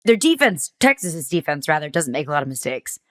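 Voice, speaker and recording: A woman's voice: sits low, sing-song, fairly quick. A woman co-hosting a sports show, making dry, wry points and stacking up lists of facts. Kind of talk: analytical sports talk.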